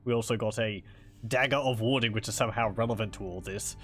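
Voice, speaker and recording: A gaming video host with a lowish voice talks fast while hosting a casual let's-play. He chats and rambles as he plays, frequently correcting himself, with faint game music in the background.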